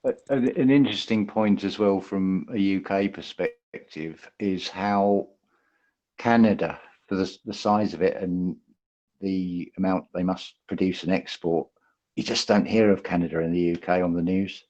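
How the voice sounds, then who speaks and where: A man's voice: low voice, unhurried, a little mellow. A man from the UK in a casual online chat, talking hesitantly and restarting his sentences. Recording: dull lo-fi audio.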